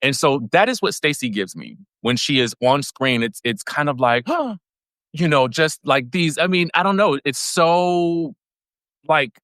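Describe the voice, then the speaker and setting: A man co-hosting a podcast, telling stories in an animated, expressive way during a casual chat. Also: fairly high pitch, unhurried, no echo, clean studio sound. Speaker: podcast co-host.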